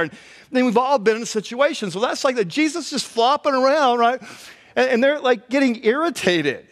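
A man preaching a conversational sermon as a pastor, telling the story in an animated way and acting out the quotes. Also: very high-pitched, fairly quick. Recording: long hall reverb.

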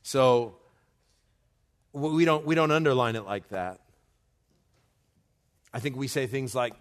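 Slow, deliberate male preacher. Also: mid-range voice. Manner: slow, deliberate preaching that builds to loud urgency. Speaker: pastor. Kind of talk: sermon. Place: church.

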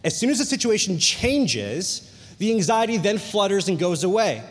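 A male pastor preaching a sermon, telling a personal story with animated jokey asides and bursts of excitement. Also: high voice, moderate pace. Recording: long hall reverb.

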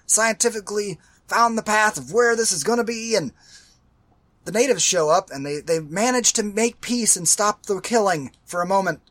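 A man's voice: sits high, normal speed. A man co-hosting a casual movie-review podcast over a video call on a headset, ranting and swearing, and losing his voice. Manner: ranting, profane, shouts when angry. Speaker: podcast co-host.

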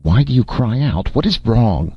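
A man's voice: mid-range voice, big pitch swings, moderate pace, breathy edge, no echo, voice pushed up. A man doing a gloomy, puzzled jailer. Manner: puzzled, plain-spoken. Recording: dull, dry lo-fi recording.

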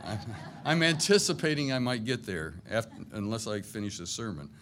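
A man's voice: on the low side, big pitch swings, brisk, fairly bright tone, a little hiss or hum. A middle-aged man preaching a sermon to a congregation in a church, conversational and self-deprecating, with jokey asides. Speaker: pastor.

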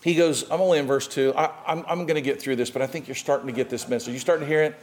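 Animated male preacher, high-pitched. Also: very fast. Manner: animated preaching with dramatic swings in pitch and loudness. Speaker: pastor. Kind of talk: sermon.

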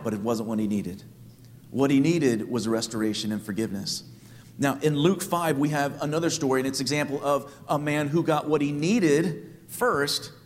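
A man's voice: a little high, long reverb tail. A man preaching a sermon as a pastor, telling stories in a conversational way with humorous asides.

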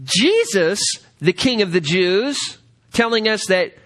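A man teaching a Bible study lecture, directing listeners to passages and reading scripture aloud slowly with emphasis. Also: sits high, sing-song, a bit bright.

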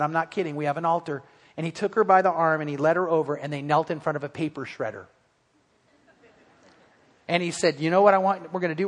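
A man's voice: high-pitched, a bit bright. A man pastor preaching a sermon, telling a story earnestly with frequent restarts, in a church sanctuary. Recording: long hall reverb.

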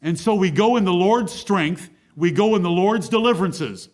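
A man with a high-pitched voice preaching a sermon. He speaks emphatically and presses his points with one rhetorical question after another. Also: moderate pace. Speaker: pastor.

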